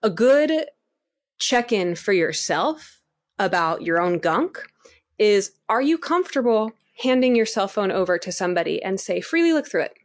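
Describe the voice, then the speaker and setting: Animated woman in spiritual chat. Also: mid-range voice, unhurried. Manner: animated, rambling, laughs often.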